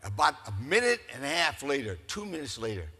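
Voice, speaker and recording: An older man giving a keynote speech, telling stories in an animated, folksy way to a crowd. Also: mid-range voice, brisk, slightly rough. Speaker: keynote speaker. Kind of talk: storytelling speech. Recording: echoey hall.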